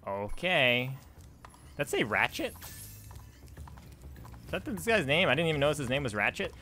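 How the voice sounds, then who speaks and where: With a slightly high voice that swings widely in pitch, a young gameplay streamer chats at normal speed through a casual let's-play, easily losing focus. There's background noise in the clip.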